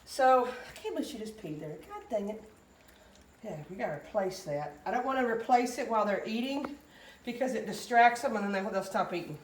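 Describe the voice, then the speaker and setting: A woman's voice: expressive, fairly quick, echoey room, a little hiss or hum. A woman, a dog breeder chatting casually in a home vlog as she feeds and trains her puppies. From US Gulf Coast. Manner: chatty, switches to high baby talk for the puppies.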